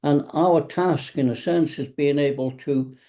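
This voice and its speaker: This is a fairly high-pitched male voice, unhurried and steady, with a dark tone. On a relaxed online panel call, the tai chi and qigong teacher wanders from story to story, voicing the lines of the cab drivers he describes.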